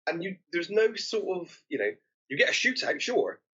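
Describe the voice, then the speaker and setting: A man's voice: sits high, sing-song, moderate pace, pushed and bright, slightly rough, highs cut off. A man co-hosting a film podcast, sharing behind-the-scenes trivia in a hesitant way, often repeating words as he goes. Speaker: podcast co-host. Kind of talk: casual film discussion.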